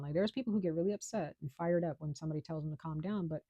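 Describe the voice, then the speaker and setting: A woman with a low, mellow voice gives a casual tarot reading from home. She talks in a chatty, reassuring way, full of fillers. The sound is dry and close to the mic. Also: very fast, few pauses, no room sound, dull audio. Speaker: tarot reader.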